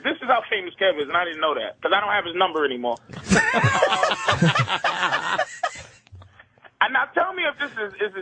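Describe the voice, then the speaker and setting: A man's voice: high voice, bright, forceful tone, slight background noise, rough recording. A man calling in to a radio show who teases and mocks in a profane, playful way. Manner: mocking, profane, teasing. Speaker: phone-in guest. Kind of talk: radio banter. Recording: radio phone-in line.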